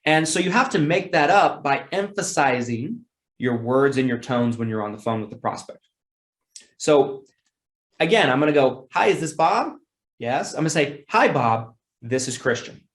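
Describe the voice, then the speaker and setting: A man's voice: medium pitch, moderate pace, echoey room. A man teaching sales calls in a casual, repetitive way, acting out phone scripts in an upbeat tone. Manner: demonstrates phone scripts with bright, excited tones; casual, repeats words, self-corrects. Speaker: sales trainer. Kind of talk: sales training talk.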